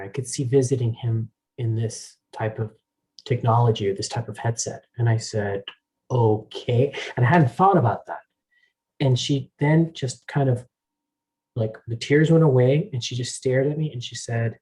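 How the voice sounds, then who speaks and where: A man hosting a meetup, telling a story in a casual, halting way over a video call, with many restarts and fillers. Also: mid-range voice, a little mellow, poor audio. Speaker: meetup host.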